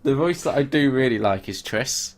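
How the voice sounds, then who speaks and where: A young man co-hosting a podcast in casual chat, blunt and animated, swearing freely. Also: medium pitch, normal speed. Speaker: podcast co-host.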